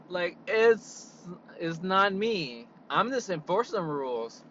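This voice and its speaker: Young man vlogger, slow exasperated rant, bright tone, lo-fi car audio. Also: fairly high pitch, slight background noise. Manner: exasperated, animated, leans on "like". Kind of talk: casual storytelling rant.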